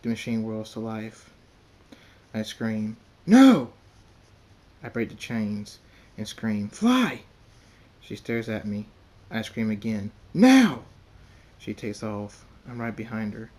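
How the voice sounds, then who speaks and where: A man reading his own fan fiction story aloud in the first person, halting and repeating words. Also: on the low side, completely flat delivery, darkish tone.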